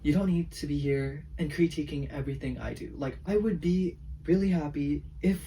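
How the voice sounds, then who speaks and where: A man's voice: on the high side, moderate pace, mellow, recorded from a distance, slight background noise. A teenage boy venting in a casual rambling vlog, saying "like" constantly. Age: teens. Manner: rambling, heavy use of "like", venting. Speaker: vlogger.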